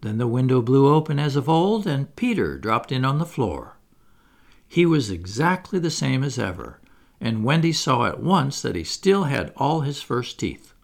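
A man narrating a classic storybook aloud in an expressive reading voice. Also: mid-range voice, moderate pace, vocal fry. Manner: expressive, wide-ranging. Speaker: audiobook narrator.

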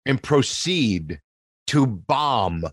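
A man's voice: mid-range voice, lively intonation, extremely slow, dry recording, studio quality. A man from New Jersey, a comedian guest telling a self-mocking story in casual podcast chat.

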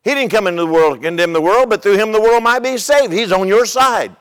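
High-voiced older man preaching a sermon. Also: fast, a bit bright, smooth, in a large hall. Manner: conversational, repeats words, tells humorous stories. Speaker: pastor.

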